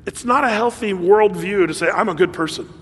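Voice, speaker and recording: A man preaching a sermon in a conversational, animated way, with laughs and fillers. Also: sits high, fairly quick, breathy edge, in a large hall. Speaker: pastor.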